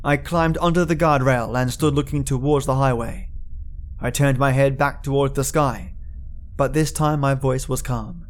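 A man narrating a first-person story for a podcast in a steady, deliberate reading voice. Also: medium pitch.

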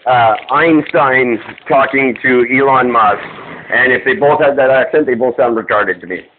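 A man's voice: mid-range voice, normal speed. A Canadian man co-hosting a podcast, talking in a wry, opinionated, rambling way with lots of fillers. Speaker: podcast co-host. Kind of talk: casual banter. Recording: tinny lo-fi line with faint hiss.

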